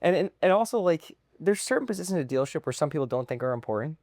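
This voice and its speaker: A man hosting a casual podcast interview, asking quick, upbeat questions. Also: on the high side, big pitch swings, a little mellow, dry recording, studio quality. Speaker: podcast host.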